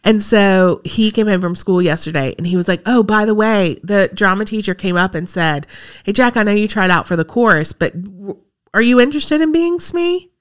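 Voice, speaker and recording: A woman's voice: medium pitch, expressive, moderate pace, smooth. A middle-aged woman telling a story in casual chat, acting out quoted lines. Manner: chatty storyteller, acts out quotes.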